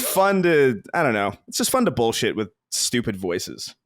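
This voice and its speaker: Animated man telling stories on a podcast. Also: medium pitch, dry recording, clean studio sound. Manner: animated, storytelling, quick bursts. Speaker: podcast co-host. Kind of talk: casual podcast chat.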